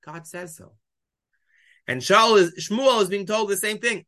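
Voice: mid-range voice, unhurried, bright, forceful tone. A teacher giving a weekly Bible study lesson, reading Hebrew verses aloud and explaining them with rhetorical questions.

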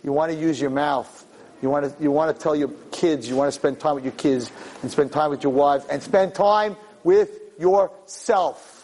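Impassioned rabbi preaching. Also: male voice, on the high side, moderate pace, low-quality recording. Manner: rising to loud impassioned preaching. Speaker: rabbi lecturing. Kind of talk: Torah class sermon.

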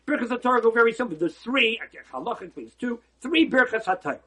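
A man teaching a holiday Torah lecture as a rabbi. He is emphatic and preacherly, asks rhetorical questions, and swings between loud exclamations and quiet asides. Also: very high-pitched, lively intonation, quick pace, slightly rough.

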